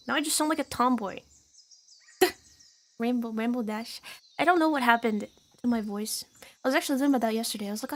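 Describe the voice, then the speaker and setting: A woman's voice: a little high, a little fast, slight background noise. A woman streamer chatting casually on a live stream, giggly, rambling and sweary.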